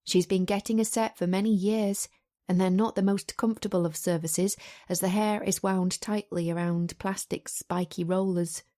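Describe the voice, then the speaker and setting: Woman reading a romance audiobook, warm mellow tone, chatty and personal. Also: medium pitch, fairly even intonation, moderate pace. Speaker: audiobook narrator. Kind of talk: first-person audiobook narration.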